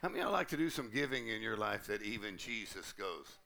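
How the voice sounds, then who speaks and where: A male pastor preaching a sermon to a conference congregation, lively and humorous, acting out little quoted exchanges. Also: fairly low pitch, fast talker, gravelly. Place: church conference.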